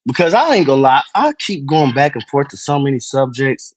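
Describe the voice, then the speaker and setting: A man's voice: mid-range voice, big pitch swings, brisk, dry recording. A man hosting a livestream, rambling through crude, joking, teasing chat. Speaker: livestream host.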